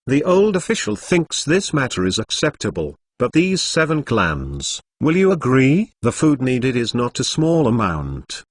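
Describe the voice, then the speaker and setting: A man reading a translated novel aloud in an uneven, stilted way with odd pauses. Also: medium pitch, dry recording, studio quality. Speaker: narrator. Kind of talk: machine-read novel narration.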